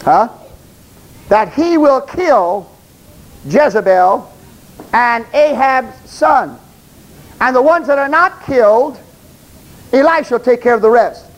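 High-voiced man preaching an emphatic sermon. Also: lively intonation, slow pace, long pauses, rough recording. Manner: emphatic, addresses congregation directly, stumbles reading aloud.

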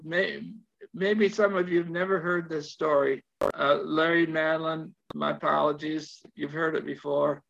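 An older man preaches in a high, gravelly voice, taking his time. He tells a story, repeating phrases and putting questions to his listeners. The recording sounds slightly dull and lo-fi. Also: level tone, takes it slowly, fairly bright tone. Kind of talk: sermon.

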